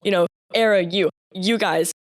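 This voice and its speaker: A teenage girl, a high school theater student, chatting casually as an interview guest with lots of fillers. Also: moderate pace, no echo, clean studio sound. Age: teens.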